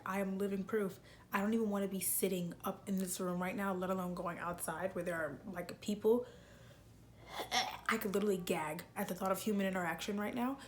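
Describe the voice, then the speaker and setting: A young woman chatting casually in a home vlog, joking about herself and squealing when she gets excited. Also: mid-range voice, a little hiss or hum. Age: young adult. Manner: jokey, self-deprecating, squeals when excited. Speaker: vlogger. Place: home and backyard.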